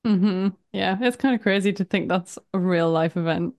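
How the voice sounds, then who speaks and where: Co-host, woman in her thirties from Northern Ireland, quick laugh, easy back-and-forth, dry close mic. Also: mid-range voice, darkish tone, dry recording. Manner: laughs easily, short agreeing replies. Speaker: podcast co-host. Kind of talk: casual chat.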